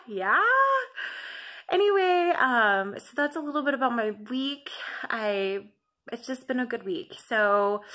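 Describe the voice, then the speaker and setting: A woman vlogger with a bright, forceful, slightly high voice talks casually to her viewers in a weight-loss vlog. She's gushing and emotional, laughing often.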